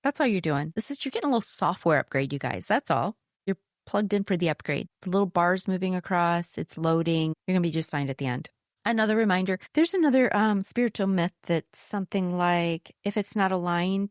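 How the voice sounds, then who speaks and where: A woman's voice: on the low side, expressive, a little fast, no room sound, clean studio sound. A middle-aged woman hosting a solo podcast, talking candidly and conversationally about spiritual growth, with a casual swear here and there. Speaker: podcast host.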